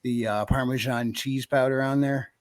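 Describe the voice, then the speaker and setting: Man, relaxed self-mocking panelist, mid voice, dry mic. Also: medium pitch, moderate pace, no echo. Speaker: podcast panelist. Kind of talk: casual storytelling.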